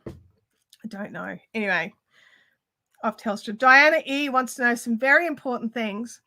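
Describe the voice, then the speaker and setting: A woman's voice: a little high, unhurried, pushed and bright. A woman hosting a craft livestream from home, telling an exasperated story in casual chat and mimicking the people she quotes. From Australia.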